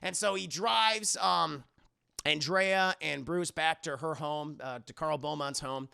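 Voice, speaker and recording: A man's voice: on the high side, takes it slowly, vocal fry, sharp tone, clear, resonant tone. A young man streaming a profane, rambling recap of a movie, talking straight to his live chat.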